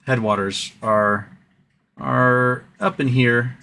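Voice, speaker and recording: A man hosts a casual live stream from a room at home, rambling through stories with plenty of fillers and side tangents. His voice is bright and forward, and a faint hiss of noise sits behind it. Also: medium pitch, slow, gravelly. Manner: rambling, animated storyteller with frequent fillers and asides.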